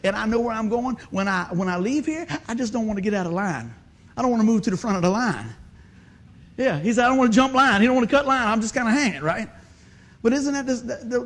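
Husky high-voiced man preaching. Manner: folksy, conversational, joking with the audience. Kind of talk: sermon with storytelling.

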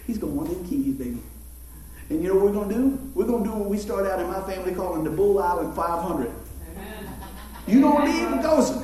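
Guy preaching, high lively voice, jokey, big echoey church from far off. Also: slight background noise. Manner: folksy, joking, talks to the congregation. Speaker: pastor. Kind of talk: sermon. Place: church sanctuary.

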